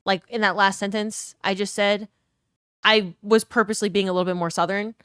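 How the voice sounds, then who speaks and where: A woman's voice: mid-range voice, steady tone, brisk, pushed and bright, clear, resonant tone, no room sound, clean studio sound. A young woman from New Orleans with a neutral accent, chatting casually with her live stream viewers, reading comments aloud and swearing now and then. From New Orleans, US South.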